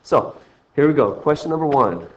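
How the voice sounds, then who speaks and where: A man's voice: fairly high pitch, animated, moderate pace, background noise. A man teaching a recorded math lesson, walking through problems in a jokey, self-mocking, rambling way. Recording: dull lo-fi screen recording.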